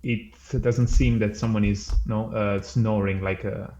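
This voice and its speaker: Slow, halting male player. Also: on the low side, flat delivery, warm tone, dull audio, slight background noise. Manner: halting, searching for words. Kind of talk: tabletop game chat.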